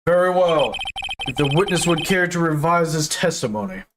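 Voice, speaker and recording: A woman voicing a slow, ponderous older male judge in a video game, speaking low and deliberately. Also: lively intonation, noisy background.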